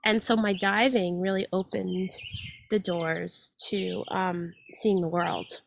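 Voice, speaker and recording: Woman in her 40s, chatty interview guest, animated storyteller, slight vocal fry, faint background hiss. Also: fairly low pitch, takes it slowly. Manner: animated, frequent fillers. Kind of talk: casual storytelling chat.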